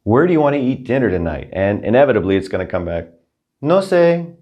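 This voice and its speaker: A man teaching a recorded Spanish lesson, upbeat and encouraging, speaking his Spanish examples slowly and carefully. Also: fairly low pitch, expressive, dull audio.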